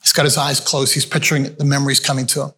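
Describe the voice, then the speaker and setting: A man's voice: medium pitch, little pitch movement, very fast, vocal fry, pushed and bright. A male pastor preaching a sermon in a conversational storytelling way, calling his listeners friends. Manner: conversational, addresses the audience as friends. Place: church meeting room with a screen.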